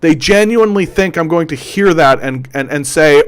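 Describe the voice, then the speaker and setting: A man's voice: on the high side, expressive, normal speed, few pauses, smooth. A man hosting a political commentary show, ranting sarcastically and stumbling over repeated words. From Canada.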